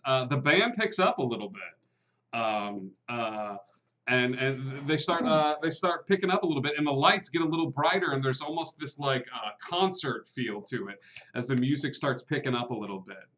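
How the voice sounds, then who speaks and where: A man running a tabletop game as game master, narrating scenes with many pauses and fillers. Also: mid-range voice, a bit bright. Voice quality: hesitant, full of fillers.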